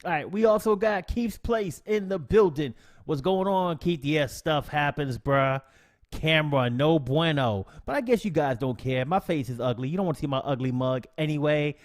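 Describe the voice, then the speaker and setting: A man hosting a live stream tutorial, greeting his chat with lively slang before the software rundown. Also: a little high, brisk. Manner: animated, slangy shout-outs to chat. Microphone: desk mic, no camera.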